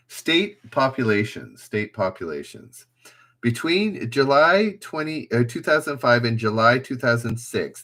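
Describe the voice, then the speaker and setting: A mid-range, fairly bright male voice. He hosts a casual livestream quiz, reading the trivia questions aloud, calling out players, and chatting in a self-mocking way.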